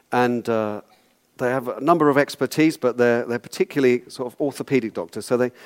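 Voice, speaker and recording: Man, preaching, chatty and wry, mid pitch, repeats himself. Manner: conversational, wry, repeats words. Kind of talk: sermon.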